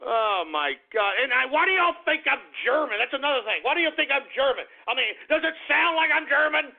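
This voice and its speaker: A radio host with a very high, gravelly voice, sounding fed up and repeating himself over and over. The sound is narrow and phone-like. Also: male voice, animated, brisk. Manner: exasperated, repeats himself with "man" and "for Christ's sake". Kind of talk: call-in radio talk.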